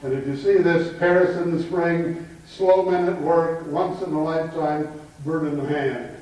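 A man's voice: on the high side, steady tone, moderate pace, darkish tone, muffled recording. A man giving a classroom lecture to students, mixing in jokes and chuckling at his own punchlines. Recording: echoey hall from far off.

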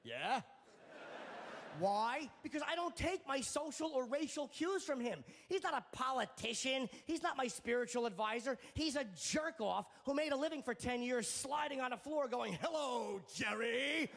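A man doing a stand-up comedy set on a club stage, sardonic and profane, landing his punchlines deadpan. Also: very high-pitched, moderate pace, few pauses.

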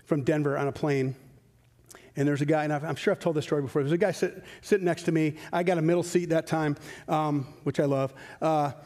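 High-voiced pastor preaching in a reverberant hall. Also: male voice. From West Michigan. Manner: animated, rhetorical questions, swings between loud emphasis and quiet asides. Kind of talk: sermon. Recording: long reverb of a church hall.

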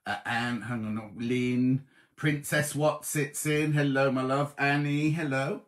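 A man's voice: mid-range voice, fairly even intonation, measured pace. A man hosting a live online coffee morning, chatting as he reads out viewers' messages and greets them as "my love". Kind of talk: casual live-stream chat greeting viewers.

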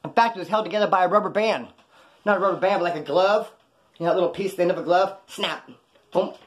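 A former prisoner telling stories about prison life in a blunt, rambling, profane way. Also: male voice, sits high, quick pace. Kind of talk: casual storytelling monologue.

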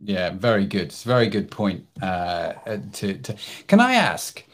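A man's voice: on the low side, very animated, moderate pace. A man hosting a company livestream, chatty and self-deprecating, with many fillers as he welcomes viewers and reads out questions. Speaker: livestream host. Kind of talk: casual livestream chat.

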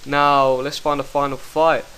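A young man commentating his own online game fights, excitable and quick to swear, talking into a headset mic. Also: a little high, clean tone, rough recording. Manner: excitable, swears, bursts into shouts. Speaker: gaming commentator. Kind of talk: live gameplay commentary.

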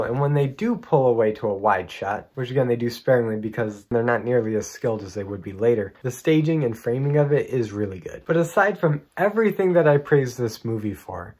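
Male reviewer host, mid-pitched, casual and opinionated, eager about his favorite films. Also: darkish tone, breathy edge. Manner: enthusiastic, opinionated, joking asides.

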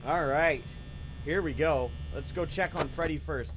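A young man playing a horror game and commenting, excitable, swearing at it, yelping and trash-talking. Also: fairly high pitch, unhurried, slight background noise. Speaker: gaming YouTuber. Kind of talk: let's play commentary. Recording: game music loud behind voice. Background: game music.

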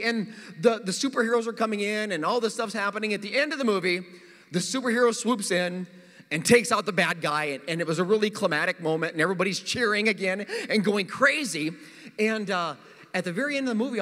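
A middle-aged man, a pastor, preaching a sermon with animated, funny storytelling in a church. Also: high-pitched, in a large hall. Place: church sanctuary.

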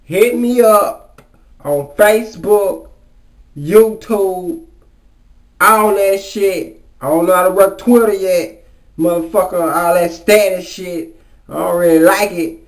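A man's voice: high-pitched, slow. A man doing a comedic rant as a vlogger, exasperated and full of profanity.

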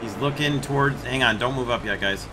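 A man hosting a gaming channel, explaining his match in a relaxed way and then calling out targets to his squad. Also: mid-range voice, a little fast, background noise. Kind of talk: gameplay commentary and squad voice chat.

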